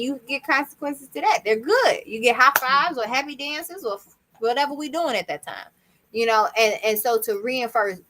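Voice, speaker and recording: A woman's voice: a little high, a bit bright, slight background noise, low-quality recording. A young woman co-hosting a casual podcast chat, talking earnestly and at times acting out her small child's replies. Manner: earnest, acts out her toddler's voice. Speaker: podcast co-host.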